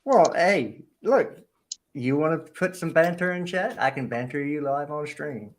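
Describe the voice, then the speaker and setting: A man's voice: on the high side, lively intonation, a little slow, a crowd in the background. A teasing man joking around in a casual stream chat.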